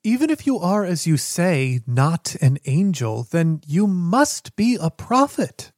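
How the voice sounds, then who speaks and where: A man's voice: high-pitched, big pitch swings, slow pace, dry recording, studio quality, voice pushed up, heavily acted. A man voicing a devout, earnest woman priest who speaks with reverent fervor. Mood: fervent. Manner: reverent, fervent.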